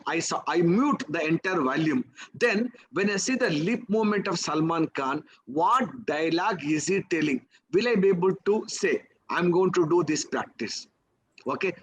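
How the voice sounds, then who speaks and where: A man's voice: high voice, breathy edge, rough recording. A man with an Indian English accent teaching memory techniques, asking the class rhetorical questions and checking in with "okay?" and "right?". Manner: coaxing, peppers talk with "okay?" and "right?". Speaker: memory trainer. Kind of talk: live teaching session.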